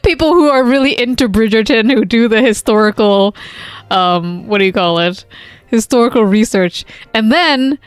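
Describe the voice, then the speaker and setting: A woman's voice: on the high side, moderate pace, clear, resonant tone, no echo, faint music behind. A woman streamer chatting casually while playing, giggly and rambling. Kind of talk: casual game-stream chat.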